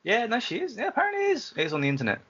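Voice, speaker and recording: A man's voice: very high voice, huge pitch swings, very fast, a bit bright, slightly rough. A man co-hosting a casual podcast, dry and swearing in the banter. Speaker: podcast co-host. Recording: dull lo-fi podcast audio.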